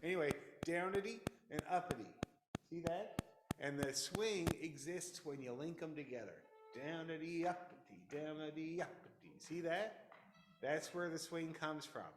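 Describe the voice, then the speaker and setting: A man leading a fiddle orchestra rehearsal, counting the players in loudly, singing rhythms aloud and joking as he teaches. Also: fairly high pitch, measured pace, over music. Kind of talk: rehearsal instruction. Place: rehearsal room with fiddles playing. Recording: echoey room, loud fiddles behind.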